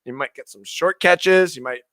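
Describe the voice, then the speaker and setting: A profane, heated man hosting a fantasy football talk stream, his voice sitting a bit high for a man. He flips between angry rants and quick start-or-sit advice, with the sound close and dry. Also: fairly bright tone, dry recording. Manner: profane, emotional ranting. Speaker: fantasy football show host. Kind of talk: live sports talk stream.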